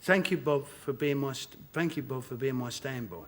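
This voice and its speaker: A man with a Cockney accent, a talk show guest telling animated stories and laughing often in a television studio. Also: mid-range voice, moderate pace. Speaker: guest actor.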